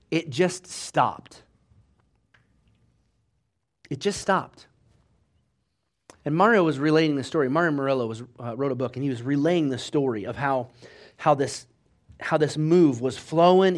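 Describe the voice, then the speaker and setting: A man delivers a sermon, telling a story with vivid acted-out quotes and shifting between loud outbursts and quiet stretches. His pitch sits fairly high.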